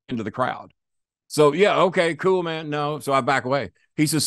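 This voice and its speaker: Talking a little fast in a mid-range voice, a man tells a long, profanity-laced story during a relaxed interview, performing the quoted voices of its characters with lots of animation. The studio-quality recording has no room sound.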